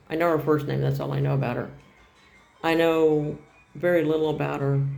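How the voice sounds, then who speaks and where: A woman's voice: low-pitched, gravelly, mellow. A middle-aged woman telling a personal story on her vlog in a plain-spoken, rambling way, often repeating herself. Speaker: vlogger.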